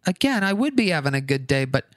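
A whiny, grumpy old man grumbles and nags, as a man puts him on in a story. The voice sits higher and thinner than the storyteller's own, with a bright edge. It sounds dry and close. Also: very animated, quick pace, no echo. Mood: indignant grumbling.

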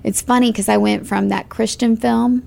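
A woman actress talking about her work in an interview, chatty and expressive, laughing easily. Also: on the high side, normal speed, creaky. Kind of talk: casual interview conversation.

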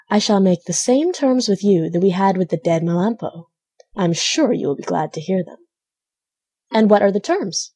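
Sly weasel bargaining softly, lady reading him, kinda husky. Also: mid-range voice. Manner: smooth, wheedling. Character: sly scheming male weasel.

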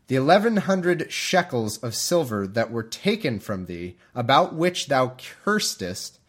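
A man hosting a podcast, reading scripture aloud and breaking off into chatty, bemused commentary, laughing often. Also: mid-range voice. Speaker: podcast host.

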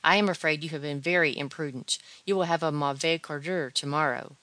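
A woman reading aloud, voicing a timid, fussy gentleman who gives solemn advice in a mournfully comic tone. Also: low voice, a little fast. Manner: solemn, lamenting, earnest advice.

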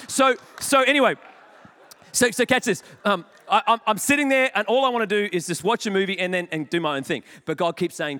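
A man, preaching a sermon. He tells stories in an animated, jokey, self-deprecating way, with sudden loud bursts. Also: sits high, a little fast. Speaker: pastor. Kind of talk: sermon with storytelling. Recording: long hall reverb.

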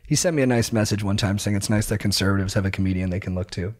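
A man's voice: fairly low pitch, racing. A man co-hosting a podcast, telling stories in casual chat and often laughing as he talks. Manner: animated, laughing through stories. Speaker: podcast co-host.

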